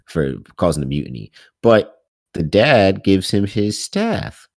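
A man's voice: sits low, very animated, measured pace. A young man co-hosting a casual podcast chat, laid-back and slangy, laughing often. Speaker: podcast co-host. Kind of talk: casual chat about an anime.

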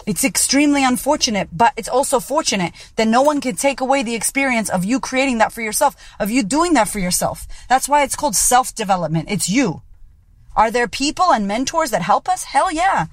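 A woman's voice: on the high side, lively intonation, brisk, dry recording, clean studio sound. A woman podcast host and coach giving a blunt, profane motivational monologue. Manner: blunt and profane, keeps it real.

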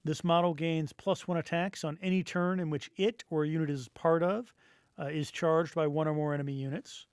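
A man's voice: on the high side, fairly even intonation, fairly quick, clear, resonant tone, no echo, studio quality. A man co-hosting a casual podcast, joking and enthusiastic, with lots of "like" in his speech. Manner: joking, enthusiastic, says "like" often. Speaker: podcast co-host.

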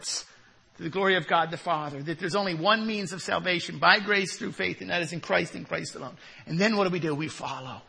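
A male pastor preaching a sermon, emphatic, with repeated rhetorical questions and loud one-word commands. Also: high voice, vocal fry, slightly rough.

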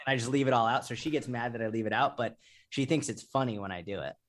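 A man's voice: medium pitch, fast talker. A man, a fitness content creator talking candidly as an interview guest, rambling and swearing freely. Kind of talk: casual interview talk.

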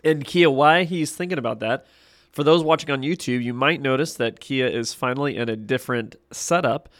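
A man's voice: medium pitch, normal speed, no room sound. A man hosting a casual chat from a green screen studio, teasing his guest and asking playful questions. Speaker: podcast host.

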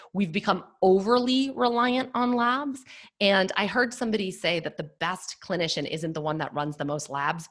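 A woman's voice: low voice, fairly bright tone. A woman in her thirties hosting a solo podcast, speaking candidly and with animation, using lots of fillers. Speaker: podcast host and nutrition practitioner.

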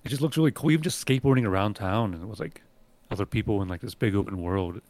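A man's voice: on the low side, quick pace, darkish tone, dry recording. A man co-hosting a gaming podcast in casual chat, blunt and swearing casually. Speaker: podcast co-host.

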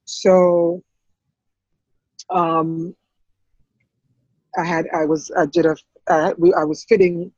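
A woman, an interview guest, tells an emotional personal story in a halting way, full of restarts and repeated words. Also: on the low side, level tone, darkish tone, dry recording, highs cut off.

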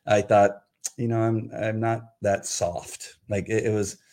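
A man with a fairly low voice co-hosts a faith talk show in a relaxed, conversational way. He often restarts his sentences and laughs easily between them. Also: measured pace. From Southern California. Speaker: co-host of a Christian devotional show. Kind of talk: casual chat with his wife.

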